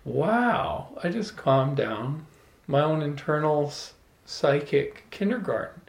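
A man telling a personal story to a small audience, animated, often laughing and restarting his words. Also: on the high side, takes it slowly, gravelly. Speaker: salon speaker. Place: room with a small live audience. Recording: echoey room.

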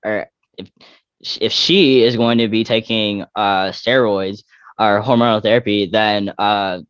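A man's voice: on the low side, fairly even intonation, unhurried, fairly bright tone, clear, resonant tone, dry recording. A young man from Texas, a guest athlete talking casually in an interview, rambling with many fillers and restarts. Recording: dull lo-fi dry recording.

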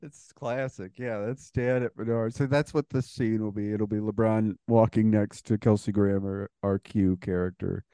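A man's voice: fairly low pitch, steady tone, normal speed, few pauses, mellow, smooth, no room sound. A man casually riffing on a silly movie idea, laughing often and rambling loosely. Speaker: podcast co-host. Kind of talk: casual comedic brainstorming.

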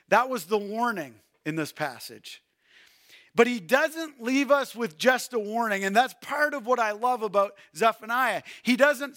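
High-voiced impassioned male preacher. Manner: impassioned preaching, swinging from shouted urging to hushed pleading. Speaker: pastor. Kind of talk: sermon.

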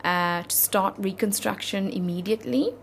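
A woman's voice: mid-range voice, vocal fry, slight background noise. Earnest South African woman telling her story. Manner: earnest, halting, heartfelt. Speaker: interview guest. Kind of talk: personal storytelling in an interview.

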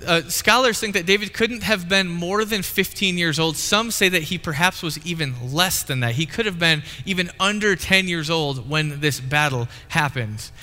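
A pastor with a fairly high, pushed and bright voice preaches at a normal pace with hardly any pauses, his sermon echoing in a reverberant hall. He tells a story in a playful, chatty manner, performing the quotes as part of a live demonstration.

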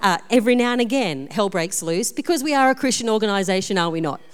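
A woman pastor preaching a sermon, telling personal stories in a lively, self-deprecating way. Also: medium pitch, quick pace, clear, resonant tone. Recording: long reverb of a large hall.

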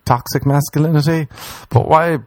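A man's voice: fairly high pitch, steady tone, moderate pace, a little mellow, no room sound. A man, a podcast host, telling rambling, profane comic stories in a casual monologue. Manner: rambling, profane storytelling that slips into mock voices. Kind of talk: comedic monologue.

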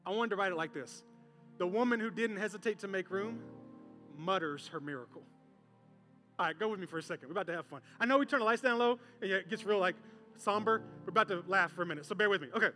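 A male pastor preaching a sermon from a church stage, animated and conversational, with comic bits. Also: high voice, fast talker. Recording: long hall reverb, faint music.

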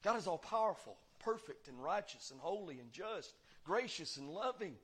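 A man preaching a sermon as pastor, swinging between loud proclaiming and quiet, confiding asides. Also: high-pitched, lively intonation, moderate pace, breathy edge. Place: church sanctuary.

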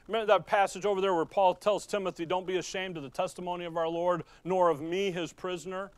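A man delivers a sermon in a high, bright-edged voice, recorded dry and close. He talks to the congregation conversationally, then punches single words hard for emphasis and drifts into quick asides. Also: no room sound. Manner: conversational preaching with sudden loud emphasis and asides. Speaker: pastor.

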